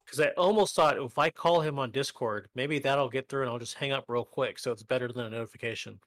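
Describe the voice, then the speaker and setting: A man co-hosting a live stream, trading jokes and poking fun at himself. His voice sits in a middle pitch, recorded close and dry with no room sound. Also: quick pace, fairly bright tone, dry recording. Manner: joking, self-deprecating banter. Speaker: podcast co-host. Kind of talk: casual chat.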